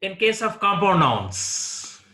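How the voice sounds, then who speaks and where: A man with an Indian English accent teaching a slow, deliberate lesson, repeating word lists one item at a time. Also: high voice, big pitch swings, pushed and bright. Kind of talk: classroom lecture.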